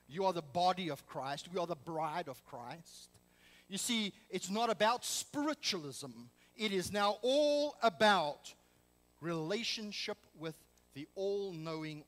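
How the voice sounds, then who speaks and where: A man's voice: a little high, a bit bright, long reverb tail, rough recording. A man preaching a sermon as pastor, emphatic and full of rhetorical questions. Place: church sanctuary.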